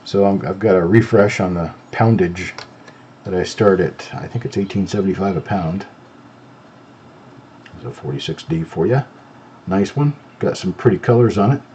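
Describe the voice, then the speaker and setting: Deep, relaxed man hosting a live show. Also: moderate pace, pauses often, slight background noise. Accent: no southern accent. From not from North Carolina. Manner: easygoing, talks while examining coins. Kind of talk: casual live-stream chat.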